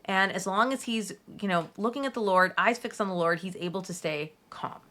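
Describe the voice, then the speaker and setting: Bright-voiced chatty mom giving advice. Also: female voice, mid-range voice, fairly quick. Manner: warm, chatty, gently soothing self-talk asides. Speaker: Catholic mom coach. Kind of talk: direct-to-camera advice talk.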